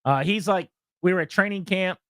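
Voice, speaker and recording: Male radio host, chatty storyteller, slightly high voice, dry close mic. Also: fairly quick, no echo. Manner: animated storyteller, acts out quotes with laughs. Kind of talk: casual sports talk storytelling.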